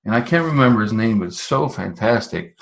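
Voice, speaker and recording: A man's voice: lowish voice, lively intonation, a little fast, gravelly. A man hosting a casual podcast conversation, encouraging and often restarting his sentences.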